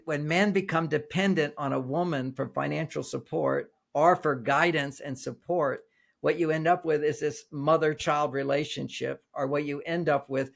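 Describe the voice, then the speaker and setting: Older male author guest, higher voice with gravel, storytelling and repeating himself as he explains. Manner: storytelling, repeats and restarts phrases. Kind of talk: interview, explaining with anecdotes.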